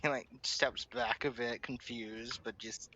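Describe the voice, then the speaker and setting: A man's voice: mid-range voice, fairly even intonation, measured pace, sharp tone, rough recording. Joking man playing a tabletop game. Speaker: player. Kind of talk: casual tabletop play.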